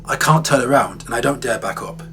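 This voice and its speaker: A man's voice: mid-range voice, expressive, brisk, fairly bright tone, a little hiss or hum, close to an everyday voice. A man voicing a terrified older woman behind the wheel, wailing that she cannot turn around. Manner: shrieking and wailing in fear. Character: terrified woman driver, grandmother age.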